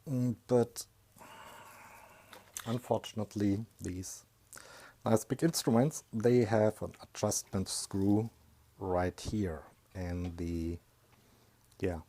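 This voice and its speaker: A man talking through a workshop repair project, thinking aloud in a hesitant, low-key way with many pauses and fillers. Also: steady tone, warm tone. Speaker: electronics hobbyist. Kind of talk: workshop voice-over talk.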